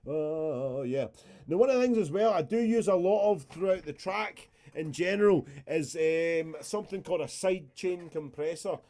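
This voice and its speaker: A man's voice: fairly high pitch, moderate pace, few pauses, warm tone. A man, casually walking through a music production session on a live stream, chatty and rambling with the odd swear word.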